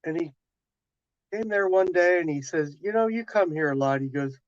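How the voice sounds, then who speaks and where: A man's voice: a little high, lively intonation, moderate pace, dry recording. Rambling man, dull lo-fi sound. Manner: rambling, with restarts and quoted dialogue. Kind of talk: casual chat storytelling.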